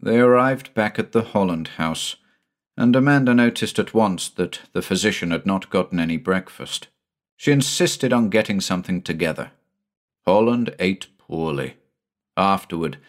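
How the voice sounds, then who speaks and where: A man narrating a horror short story in a measured, somber way. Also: low-pitched. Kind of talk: audiobook narration.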